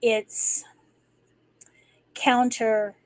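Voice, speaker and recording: A woman's voice: fairly high pitch, flat delivery, extremely slow, no room sound, poor audio. A woman hosting a live stream, talking casually and rambling, with many restarts and fillers. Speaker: livestream host. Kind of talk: casual spoken talk.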